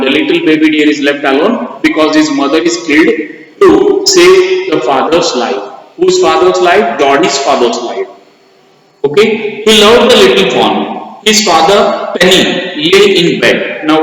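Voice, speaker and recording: Male teacher, highish voice, repeats points and quizzes himself, recorded in a cavernous reverberant room. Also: a bit bright. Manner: repeats key points, asks and answers his own questions; spells out words letter by letter. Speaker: English teacher. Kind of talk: recorded classroom lesson. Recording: very echoey hall, long reverb.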